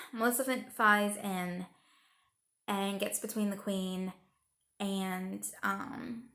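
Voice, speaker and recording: Retelling a film's plot with emotion, this young woman rambles through a casual review full of fillers and sounds worn out. Her mid-range voice is steady and sharp, and she draws out her words.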